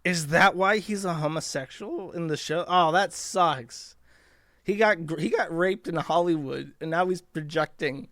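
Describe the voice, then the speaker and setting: A man runs his podcast commentary in a loose, crude, sarcastic ramble. His voice sits a little higher than most men's and comes across smooth and clean. The sound is close and dry, with no room around it. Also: fairly bright tone, dry recording. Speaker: podcast host. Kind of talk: casual commentary.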